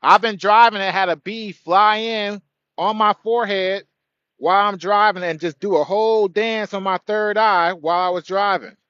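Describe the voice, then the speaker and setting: Earnest high-voiced man livestreaming outdoors. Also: fairly even intonation, normal speed, a bit bright, no echo, muffled recording. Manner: earnest, greets viewers by name. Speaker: livestream host. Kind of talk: spiritual livestream talk. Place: outdoors by a tree.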